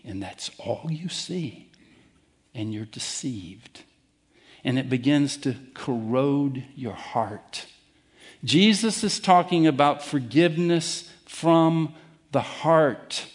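A man preaching a sermon as pastor, emphatic and deliberate, challenging his listeners directly. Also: mid-range voice, slightly rough.

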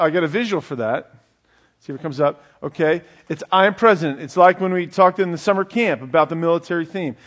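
A man preaching a conversational Bible teaching, checking in with his listeners with a frequent "okay?". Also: a little high. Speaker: pastor. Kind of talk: sermon.

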